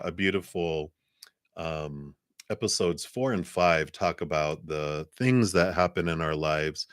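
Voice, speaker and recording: A man giving a live-stream tarot reading, soft-spoken and meandering with many fillers, talking around a cough drop. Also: low voice, dry recording, studio quality. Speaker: tarot reader.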